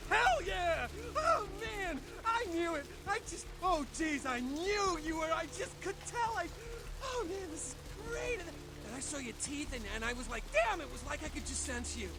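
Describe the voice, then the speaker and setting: A gushing, high-voiced young ghoul. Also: male voice, fast talker, hardly any pauses. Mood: excited. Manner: breathless, gushing, stammering with excitement. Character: excitable young male ghoul, overeager fan of vampires. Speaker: video game character.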